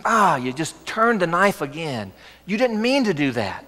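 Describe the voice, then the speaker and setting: Pastor with a higher voice, echoey church. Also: male voice, sing-song, measured pace. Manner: earnest, gently coaxing preaching with rhetorical questions. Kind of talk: sermon. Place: church sanctuary.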